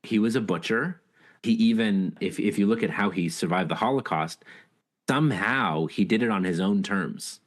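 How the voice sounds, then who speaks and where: A man's voice: fairly low pitch, normal speed. A man talking as an interview guest, an author and leadership speaker who tells stories in an earnest, reflective, heartfelt way. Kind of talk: casual interview storytelling.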